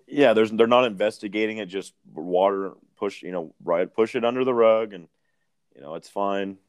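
A man's voice: fairly low pitch, moderate pace, dry recording, lo-fi sound. A young man from Idaho co-hosting a podcast in casual chat, loose and swearing, laughing at his own jokes. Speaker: podcast co-host.

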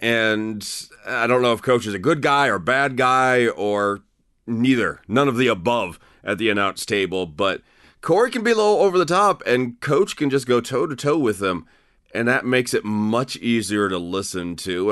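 A podcast host with a medium-pitched voice reviews wrestling in a casual, opinionated way, animated and full of fillers and frequent restarts. The recording is clean studio sound with no room echo.

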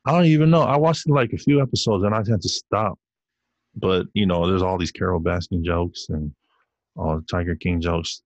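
A young man with a very deep, husky voice holds forth on his own podcast. He rambles from one tangent to the next, cursing freely as he gets heated. The sound is close and dry, with no room around him. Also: normal speed, dry recording, muffled recording. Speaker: podcast host. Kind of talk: solo podcast rant.

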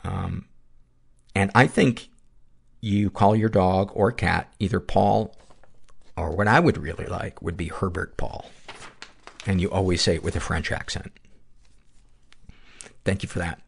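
A man's voice: deep voice, unhurried, creaky, long pauses, slightly rough. A man hosting a podcast, reading a listener's letter aloud and then reflecting earnestly, with rambling asides. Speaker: podcast host.

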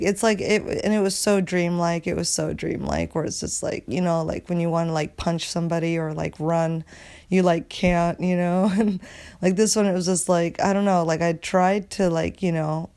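Woman, solo podcast host, low-ish voice, loose profane ramble full of fillers. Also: normal speed, a little mellow. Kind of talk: casual solo podcast rant.

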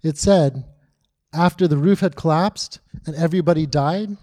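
A man preaching a sermon, retelling the story dramatically and dropping to a hush on key lines. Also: a little high, moderate pace.

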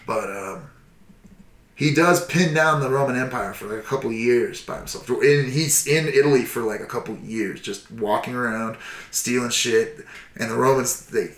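Profane animated man telling history. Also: mid-range voice. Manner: profane, animated, acts out shouts and quotes. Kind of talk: casual history storytelling. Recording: roomy echo.

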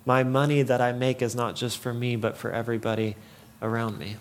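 A man's voice: medium pitch, little pitch movement, a little fast, slight background noise. A young man giving an earnest, story-filled sermon, often breaking into small laughs. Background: music.

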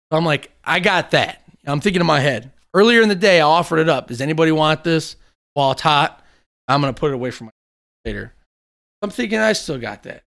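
A man in casual chat, telling long animated stories and swearing freely. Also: a little high, vocal fry.

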